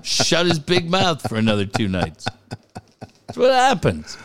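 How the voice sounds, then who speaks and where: A man from Cardiff spins a story in casual chat. His voice sits high and jumps all over the place, and he swears freely, laughs, and acts out the voices in the story. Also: wildly swooping pitch, unhurried, a bit bright.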